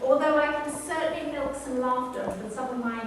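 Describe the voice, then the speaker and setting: A woman's voice: high voice, brisk. A woman on stage acting a complaining, ailing middle-aged accountant in a comedy revue. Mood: chatty. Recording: distant, echoey hall recording with noise.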